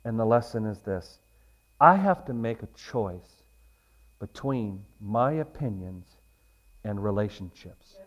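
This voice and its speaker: A pastor preaching a sermon who swings between loud, emphatic points and a quieter, conversational storytelling voice. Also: male voice, fairly low pitch, lively intonation, slow pace, pauses often, dull audio. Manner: rises to loud emphatic points, then drops to a soft storytelling tone.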